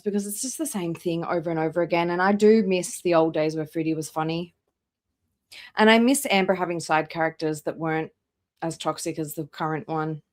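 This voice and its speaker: A woman with a somewhat low voice chats casually on a live stream. She greets viewers by name one after another, drawing out her welcomes and letting her voice trail off quieter at the ends of lines. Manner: chatty, reads out viewer names one by one. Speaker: live-stream reaction host.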